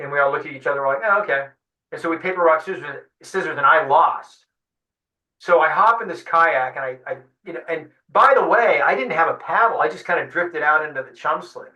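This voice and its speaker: Guy telling a wild fishing story, fast and animated, bright voice, kinda roomy and off-mic. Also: fairly high pitch. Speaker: guest fly-fishing guide. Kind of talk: storytelling in an interview. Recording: roomy sound, mic at a distance.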